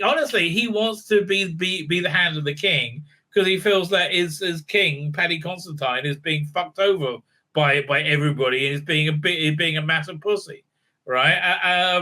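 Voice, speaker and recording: A man talks through a recap and review in a loose, rambling way, piling up fillers and restarts and briefly acting out what the characters say. His voice sits a little high and has a very bright, sharp edge. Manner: rambling, many fillers and restarts, acts out quotes. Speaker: video reviewer. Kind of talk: casual spoken recap and review.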